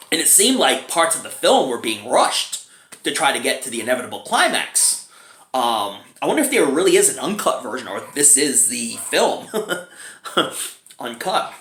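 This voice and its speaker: A man's voice: fairly high pitch, sharp tone. A man casually reviewing a movie, chatty and chuckling often as he talks. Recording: roomy echo.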